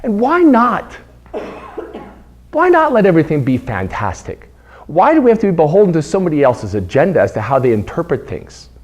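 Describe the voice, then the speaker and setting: A man giving a prepared club speech, telling a story and acting out the voices of the people in it. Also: a little high. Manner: animated storytelling, acts out quoted voices. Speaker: club speaker.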